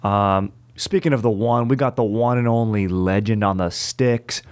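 A man's voice: on the low side, moderate pace, clear, resonant tone. A young adult man hosting a casual chat, telling stories in laid-back bro slang. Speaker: podcast host.

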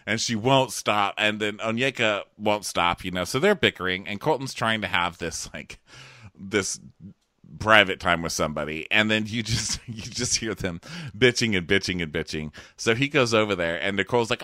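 Man, podcast co-host, casual chat, campy, lively pitch, bright tone. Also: moderate pace, no echo, clean studio sound. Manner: campy, laughing, quotes people in voices. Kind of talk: casual chat recapping a TV show.

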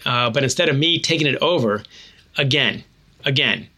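Bright-voiced storytelling man. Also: mid-range voice, normal speed. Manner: animated, self-deprecating anecdotes. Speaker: author and former hockey coach. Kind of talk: storytelling interview answer.

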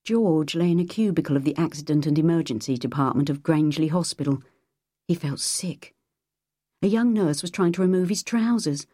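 A woman with a deep voice tells the story of an audiobook in an even, measured way. There's no room sound, just a clean studio recording.

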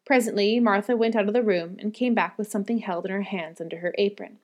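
A woman reads a classic novel aloud as an audiobook narrator. Her delivery is measured and storytelling, her pitch sitting in the middle range. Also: darkish tone.

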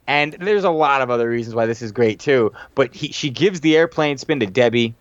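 Excited man, dull dry recording. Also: mid-range voice, a little fast, no room sound. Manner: enthusiastic, rambling with restarts. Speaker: podcast co-host. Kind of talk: casual chat recapping a TV episode.

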